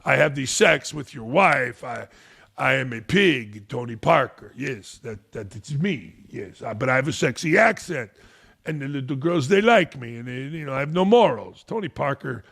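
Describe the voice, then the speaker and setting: A man putting on a mocking impression of a boastful, crude French basketball star, with a fake French accent and a halting, stammering delivery. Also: mid-range voice, animated, gravelly, fairly bright tone, breathy edge, pitched below the performer's own voice, exaggerated voice. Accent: put-on French.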